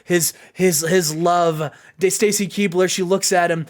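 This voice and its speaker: A man with a Southern US accent, hosting and excitedly retelling wrestling match results with laughs and restarts. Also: high voice, measured pace. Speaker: host narrating simulated wrestling results. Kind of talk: casual chat, play-by-play storytelling.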